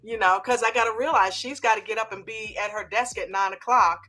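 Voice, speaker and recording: A woman's voice: mid-range voice, fairly quick, pushed and bright. A woman chatting on an online call, giving blunt, emphatic encouragement. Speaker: trading community member. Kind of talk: casual chat.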